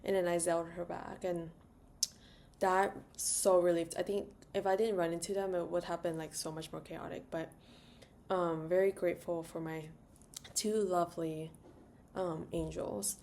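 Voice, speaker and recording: A young woman rambles through a storytime vlog, piling on "like" and quick asides as she goes. Her voice sits a little low for a woman. It sounds loose and conversational, like she's chatting straight to the camera. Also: flat delivery, vocal fry, darkish tone, a little hiss or hum. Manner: rambling, filler-heavy, chatty; sings "la la" to herself. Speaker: travel vlogger.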